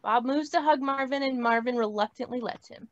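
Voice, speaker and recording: Woman reading stage directions, high voice. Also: a little fast. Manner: plain, steady reading. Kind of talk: script table read. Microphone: video call. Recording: dry, muffled lo-fi audio.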